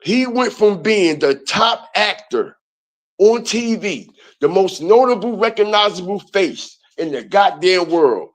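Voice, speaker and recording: A man with a high voice rants to his viewers in a slow, drawn-out delivery. He swears freely and mocks the people he talks about, and he keeps tagging "all right" and "y'all" onto his lines. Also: expressive. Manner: loud, profane, mocking, repeats "all right" and "y'all". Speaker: commentary channel host. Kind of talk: profane rant commentary.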